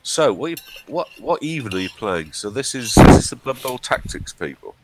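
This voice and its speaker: A man's voice: medium pitch, big pitch swings, normal speed, heavy background noise. A man from the of England with a runny nose, chatting casually and teasing his co-host on a game stream. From Hartlepool, England. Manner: dry, teasing banter. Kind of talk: casual chat.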